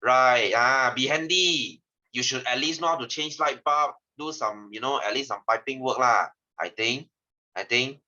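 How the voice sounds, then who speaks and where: A man with a Malaysian English accent teaching a science class, teasing and lively, dropping lah and ah between questions. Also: mid-range voice, normal speed, highs cut off. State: tired, yawning. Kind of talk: online class lesson.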